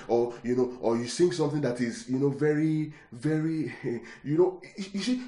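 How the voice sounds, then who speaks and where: In an echoey room, a man preaches with a warm, medium-pitched, sing-song voice at normal speed with hardly any pauses. He repeats words for emphasis and keeps asking the congregation rhetorical questions.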